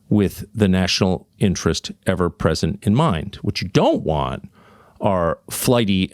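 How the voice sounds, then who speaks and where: A man's voice: sits low, dry recording, clean studio sound. A man hosting an opinion monologue, sardonic and mocking. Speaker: host.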